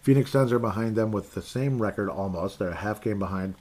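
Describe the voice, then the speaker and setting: Podcast host, male, low voice, rambling opinionated fan chat. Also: brisk, a little mellow. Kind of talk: casual sports talk.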